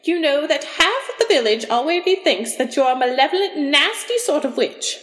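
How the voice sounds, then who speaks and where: A woman reading aloud, voicing a fretful older mother who keeps pressing her daughter, in a noticeably higher voice. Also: big pitch swings, moderate pace, fairly bright tone, roomy sound, long reverb tail. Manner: insistent, pleading.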